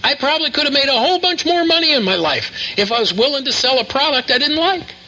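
A man's voice: extremely high pitch, lively intonation, fast, pushed and bright, slight background noise, rough recording. An older man preaching a sermon in a folksy storytelling manner, full of asides and repeats. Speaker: pastor.

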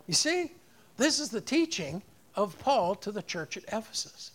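A man's voice: high-pitched, sing-song, normal speed, a bit bright. A man preaching a sermon, rising on key phrases and leading the congregation in repeating lines. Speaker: pastor.

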